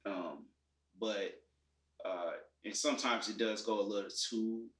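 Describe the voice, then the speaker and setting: A man in casual chat about movies and shows, explaining his views in a relaxed way with many fillers. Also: on the low side, measured pace. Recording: echoey room.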